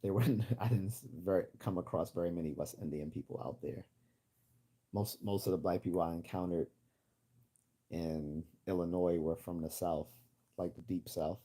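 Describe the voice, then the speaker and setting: A man's voice: low-pitched, normal speed, dark tone, husky. A man from Baltimore hosting a livestream, chatting casually and rambling with many restarts while he answers chat comments. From Baltimore, USA. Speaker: livestream host.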